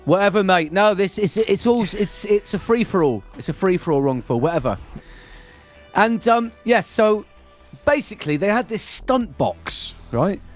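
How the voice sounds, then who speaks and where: Cheery male streamer spinning tales, light laughs, soft background music. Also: high-pitched, animated, normal speed. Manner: chatty storyteller, laughing often. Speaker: streamer co-host. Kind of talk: casual chat.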